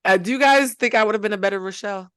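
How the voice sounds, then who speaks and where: A woman hosting a podcast talks at a rapid clip, animated and jokey, rambling through stories. The sound is dry and close, with no room in it. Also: medium pitch, clean tone, no room sound. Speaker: podcast host. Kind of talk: casual chat.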